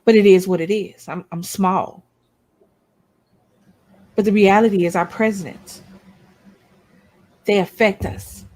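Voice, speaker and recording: Her mid-range voice is steady, slightly mellow and unhurried, with frequent pauses. She co-hosts a couples' YouTube channel, speaking bluntly, swearing a lot and restating her points for emphasis.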